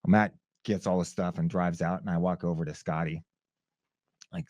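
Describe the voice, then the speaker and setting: Low-voiced man telling a lively story. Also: moderate pace, no echo. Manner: lively storyteller who acts out other people's shouts. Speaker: guest, former fighter. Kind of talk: animated storytelling in a conversation.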